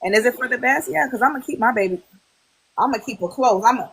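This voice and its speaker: A woman in her thirties, guesting on a podcast, chats casually and tells stories, acting out quoted voices with lively animation. Her voice is fairly high, fast and breathy-edged, and the recording is rough.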